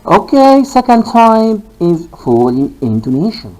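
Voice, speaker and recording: Slow, lively-pitched male teacher. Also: rough recording. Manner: deliberate, repeats key phrases, fillers. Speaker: linguistics teacher. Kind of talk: recorded lecture.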